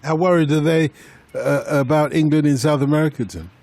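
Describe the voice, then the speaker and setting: A man's voice: on the high side, fairly even intonation, brisk, a little mellow. A man hosting a radio phone-in, reading out listener questions in a chatty, jokey way. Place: radio studio.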